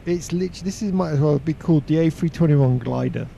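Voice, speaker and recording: A man chatting casually on a flight sim live stream, talkative and quick to laugh. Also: a little high, vocal fry, mellow, a little hiss or hum. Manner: chatty, laughs easily, uses slangy exclamations.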